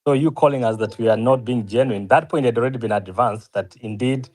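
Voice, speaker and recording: A man's voice: mid-range voice, a little fast, a little mellow. A man moderating a panel debate, politely interjecting to clarify points.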